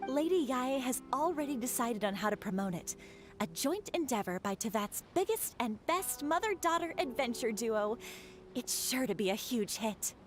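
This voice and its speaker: A woman's voice: fairly high pitch, lively intonation, moderate pace, faint music behind, lightly acted. An actress voicing a composed, formal female messenger in game cutscene dialogue. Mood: polite. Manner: formal, courteous.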